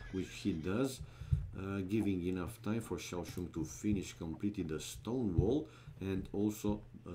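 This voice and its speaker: A man with a non-native English accent, commenting a strategy game live from his gaming room in a low, mellow voice. He rambles easily, peppering his play-by-play with fillers and asides to chat. A faint hiss of noise sits under the voice. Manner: relaxed, rambling, frequent uh fillers, chuckles at chat.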